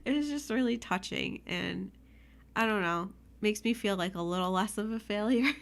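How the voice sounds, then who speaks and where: A woman's voice: mid-range voice, normal speed, gravelly. A young woman co-hosting a casual podcast chat, emotional and teary, often laughing. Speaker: podcast co-host.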